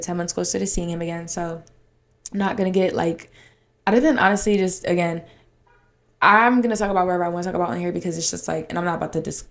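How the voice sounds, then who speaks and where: Candid young woman rambling on her podcast. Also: on the low side. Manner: rambling, frequent "like" fillers, candid and emotional. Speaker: podcast host. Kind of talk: casual solo podcast chat.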